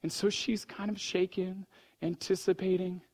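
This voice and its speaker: A man preaching a sermon as pastor, telling a story that moves between hushed, low passages and fervent, raised ones. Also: flat delivery, moderate pace.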